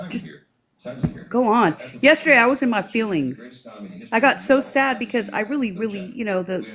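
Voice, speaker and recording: A woman speaks up in a casual livestream chat. Her voice is mid-pitched, and she is gushing and blunt, swearing freely as she talks. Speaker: livestream guest. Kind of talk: casual live-stream chat.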